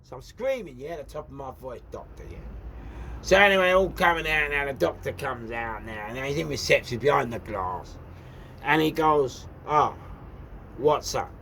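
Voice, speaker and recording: A man's voice: medium pitch, normal speed, creaky. A man with a London accent, hosting his own show and telling a story in a ranting, repetitive way full of rhetorical questions. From England. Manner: animated and repetitive, with rhetorical questions and shouted outbursts. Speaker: host. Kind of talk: casual storytelling monologue.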